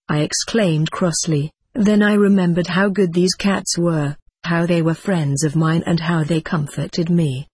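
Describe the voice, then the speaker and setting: A reader narrating a first-person story in a measured, even way. The voice is husky and slightly breathy, recorded dry and close with no room sound. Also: medium pitch, dry recording. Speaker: audiobook reader.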